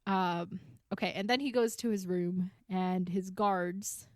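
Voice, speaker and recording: A woman's voice: fairly low pitch, steady tone, slow, darkish tone, no room sound, studio quality. A woman co-hosting a podcast, casually recapping book chapters and peppering her paraphrases with "like". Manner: chatty, paraphrases scenes with filler "like".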